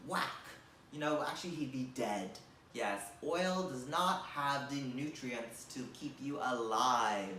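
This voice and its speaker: Male comic, average pitch, sarcastic rambler; roomy, off-mic recording. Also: animated, slow pace, fairly bright tone, recorded from a distance, a little hiss or hum. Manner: rambling, filler-heavy, mock-gushing sarcasm. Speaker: comedian. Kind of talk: comedic monologue.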